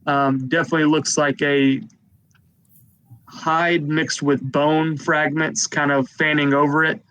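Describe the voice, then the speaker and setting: Higher-voiced man running a tabletop game. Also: little pitch movement, a little slow, a bit bright, clean tone, lo-fi sound. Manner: rambling descriptive narration with many fillers. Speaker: game master.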